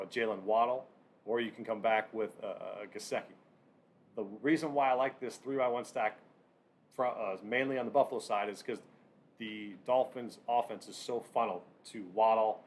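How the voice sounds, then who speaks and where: A man hosting a casual sports picks breakdown, talking in halting bursts with lots of fillers and restarts. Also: medium pitch, a little hiss or hum. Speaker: sports betting channel host.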